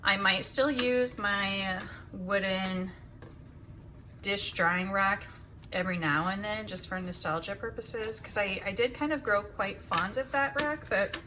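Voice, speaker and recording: Young woman vlogging about her budget, bright tone, bit breathless, faint hiss behind. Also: mid-range voice. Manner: chatty, counts cash aloud softly. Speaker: budgeting channel host. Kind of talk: casual chat to camera.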